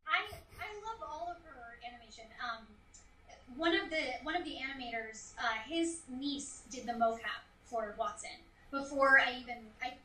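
A woman's voice: sits high, normal speed, bright, forceful tone, far from the mic, slight background noise. A woman, a voice actress, chatting enthusiastically as a guest in a casual interview. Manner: enthusiastic, gushing. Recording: echoey room, somewhat off-mic.

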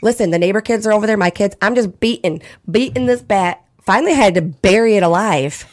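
Animated laughing woman telling a story. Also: mid-range voice, a little fast. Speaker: podcast guest. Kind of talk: casual storytelling chat.

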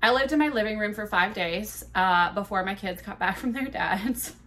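A woman in her thirties, a podcast host, telling a candid, profane story in a casual, animated way. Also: medium pitch, normal speed, a little hiss or hum.

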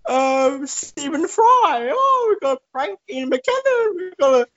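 A man voicing a blustering, flustered posh older male politician in a very high, wailing, plummy voice. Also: big pitch swings, slow, pushed and bright, exaggerated voice. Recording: dull lo-fi podcast mic.

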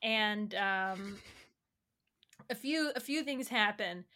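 A woman's voice: mid-range voice, slow pace, pushed and bright. A woman narrating as game master of a tabletop role-play, playful and dramatic.

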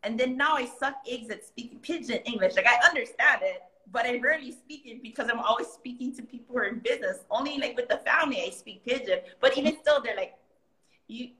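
A woman's voice: a little high, fast, few pauses. A young Hawaiian woman with a Hawaiian accent, chatting as a guest, telling stories with lots of laughter. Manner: animated storyteller, laughing often, slipping into pidgin voices. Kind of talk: casual chat. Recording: roomy echo.

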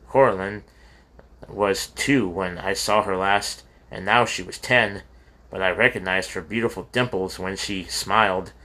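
A man narrates a memoir in a low-pitched but bright, forward voice. His reading is earnest and heartfelt, with the odd slip and restart, like someone reading aloud at home rather than a polished studio pro. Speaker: audiobook reader.

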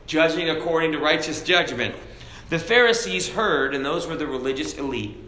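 A man preaching at a Bible study, animated, raising his voice for emphasis and reading scripture in old-fashioned wording. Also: medium pitch. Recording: echoey room with faint background noise.

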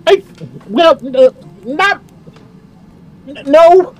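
A man putting on a high, flustered elf mother. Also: animated, extremely slow, heavily acted. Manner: hesitant, stammering.

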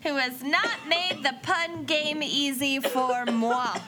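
A woman co-hosting a casual podcast, giggling and playful while reading shout-outs. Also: high voice, slow pace, heavy background noise. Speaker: podcast co-host.

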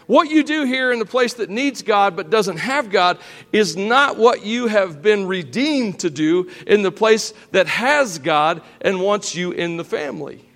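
Folksy preacher with a high, cracking voice. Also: male voice, fairly bright tone, in a large hall. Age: middle-aged. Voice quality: voice cracking a little. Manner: folksy, joking, addresses the congregation and children directly. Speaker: pastor. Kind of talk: sermon. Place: church sanctuary.

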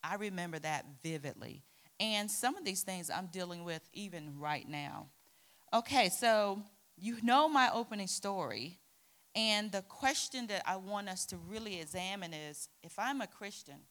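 A middle-aged woman preaching to a youth group, telling a personal story with lively acted-out quotes. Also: mid-range voice, a little slow. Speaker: youth pastor.

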